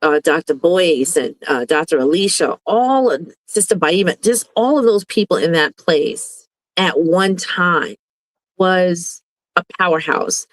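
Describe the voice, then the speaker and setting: A woman's voice: lowish voice, expressive, unhurried, dry recording, rough recording. A woman educator from Brooklyn, a guest on an online talk, speaking in an earnest, effusive and grateful way. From Brooklyn, New York. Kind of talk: casual video call chat.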